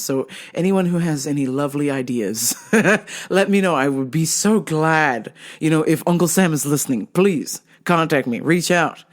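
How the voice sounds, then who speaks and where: A woman's voice: sits low, normal speed. A woman podcast host telling a story in a casual, profane, exasperated rant.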